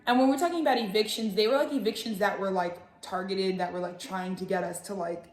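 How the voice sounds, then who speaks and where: A woman's voice: medium pitch, fast talker. Profane, rambling woman in an echoey room. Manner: profane, animated, jokey asides. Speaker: tarot reader and channel host. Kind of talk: casual rambling monologue.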